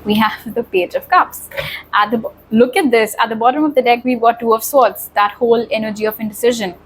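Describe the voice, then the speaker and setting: A woman's voice: fairly high pitch, steady tone, a little fast, breathy edge, low-quality recording. A woman giving a pick-a-card tarot reading, talking straight to viewers in a reassuring way. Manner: reassuring, addresses viewers directly. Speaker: tarot reader.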